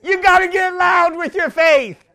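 High-pitched man preaching, emphatic, keeps repeating lines, gets loud. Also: unhurried. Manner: emphatic, repeats phrases, builds to shouting. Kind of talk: sermon.

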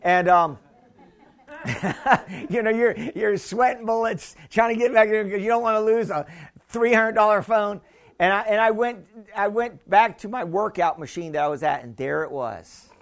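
Pastor, male, chatty sermon delivery with audience call-outs; extremely high voice. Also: moderate pace. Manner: chatty, laughing, calls and responses.

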